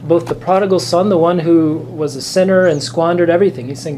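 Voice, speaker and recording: A man, a priest teaching a catechism class, explaining gently and earnestly with fillers and restarts. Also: on the high side, fairly even intonation, a little fast, slight background noise, poor audio. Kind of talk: catechism lecture. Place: church classroom.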